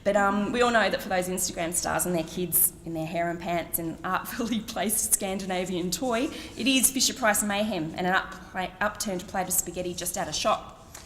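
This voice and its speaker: Australian woman, middle-aged, wry self-mocking reading, low-ish voice, faint room noise. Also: moderate pace, a bit bright. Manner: wry, self-mocking, laughs between phrases. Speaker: author. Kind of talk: reading her own blog aloud at a book event. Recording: long reverb in a hall.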